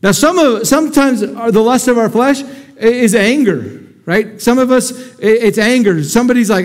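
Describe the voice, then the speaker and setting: A man with a notably high voice preaches to a congregation in a church. He talks energetically and conversationally, often tossing questions out to the people in front of him. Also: moderate pace. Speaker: pastor. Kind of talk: sermon. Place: church sanctuary before a congregation.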